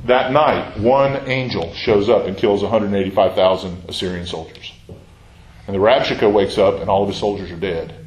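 A man teaching a Bible class in a conversational way, often putting questions to his audience. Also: mid-range voice. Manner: asks the audience questions, chatty asides. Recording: roomy echoing hall.

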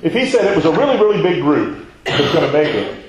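A man's voice: a little high, very animated, fast, a crowd in the background. A man teaching a Bible class in a conversational way, asking questions and answering them himself. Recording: very echoey room.

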